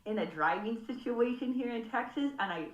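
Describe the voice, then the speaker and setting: Animated, swearing woman on a video call. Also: on the high side, a little fast, echoey room, muffled recording. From California. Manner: animated, swearing, laughing storyteller. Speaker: group participant sharing. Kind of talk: casual group video call share.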